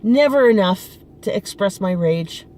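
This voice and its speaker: A woman's voice: medium pitch, expressive, measured pace, a little mellow, slight background noise. A middle-aged woman vlogging outdoors in front of her apartment, venting with frustration and emphasis and often restarting her sentences. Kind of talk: casual personal venting.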